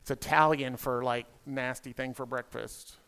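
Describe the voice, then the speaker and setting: Southern man doing quick crowd work. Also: medium pitch, steady tone, a bit bright, clean tone. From South Carolina. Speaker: emcee comedian. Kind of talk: stand-up comedy emcee. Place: conference hall stage.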